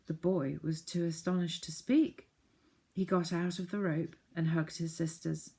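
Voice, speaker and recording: A woman narrating a children's storybook with gentle, clear reading. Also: on the low side, steady tone, unhurried. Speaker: audiobook narrator.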